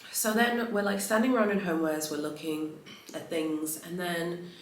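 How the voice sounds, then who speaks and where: A woman's voice: fairly low pitch, steady tone, normal speed. A woman vlogger telling a story in a chatty, rambling way, full of fillers and restarts. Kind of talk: casual storytelling vlog. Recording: roomy echo.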